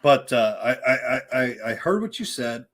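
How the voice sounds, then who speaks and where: A man's voice: mid-range voice, very animated, normal speed, a bit bright. A man co-hosting a casual horror movie livestream, rambling with repeated words and lots of "dude" and "like". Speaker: livestream co-host.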